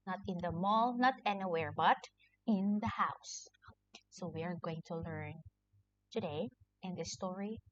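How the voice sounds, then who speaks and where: A woman teaching English vocabulary to children, patiently repeating each word with simple examples. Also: mid-range voice. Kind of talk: slow vocabulary lesson for children. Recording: dull lo-fi recording.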